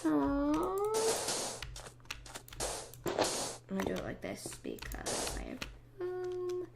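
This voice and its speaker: Very high-pitched and gravelly, with huge swings in pitch, this young woman talks very slowly as she plays on her gaming channel. She rambles casually, puts herself down, and frequently slips into whispers. Loud background music and heavy noise fill the recording.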